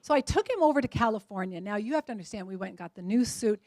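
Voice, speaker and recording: A woman in her forties giving a keynote talk at a luncheon, telling lively stories and acting out the voices of the people in them. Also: mid-range voice, quick pace, no echo. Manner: lively storytelling, acts out quoted voices. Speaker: motivational speaker.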